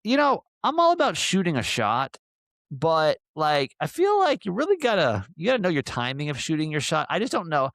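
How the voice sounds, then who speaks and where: Rambling, animated man telling a story. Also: on the high side, moderate pace, no room sound. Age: 40s. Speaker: podcast host. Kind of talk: casual storytelling chat.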